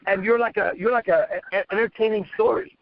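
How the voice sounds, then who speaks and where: A brash man coaches at a rapid clip, swearing freely as he acts out a cocky pitch. His voice sits a bit high. The audio is dry and slightly muffled. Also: no room sound. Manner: brash and swearing, fast and animated. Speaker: dating coach. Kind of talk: profane, fast role-play coaching.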